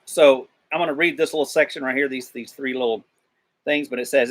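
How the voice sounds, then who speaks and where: A man's voice: medium pitch, fairly quick, fairly bright tone. A man rambling through a casual Bible discussion, retelling scripture in slangy paraphrase. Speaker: discussion participant.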